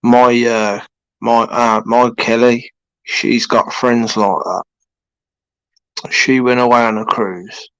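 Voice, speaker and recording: A British man in his forties hosts a casual live stream from his home. He talks slowly, rambling with frequent fillers and restarts. His voice sits close and dry, with no room sound. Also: mid-range voice, level tone, a bit bright, clean tone, dry recording, poor audio. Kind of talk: casual chat with viewers.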